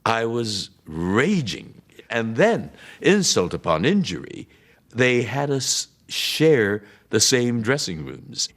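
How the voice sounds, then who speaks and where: A man's voice: mid-range voice, very animated, takes it slowly, a bit bright. An older male actor recalling an old grievance in an interview, indignant. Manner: indignant recollection.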